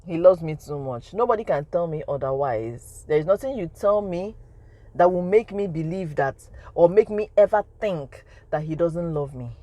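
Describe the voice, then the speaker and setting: A woman's voice: fairly low pitch, expressive, moderate pace, warm tone, no room sound. A woman in her thirties with a Nigerian accent, telling a storytime testimony in an emphatic way that repeats phrases for effect. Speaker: vlogger.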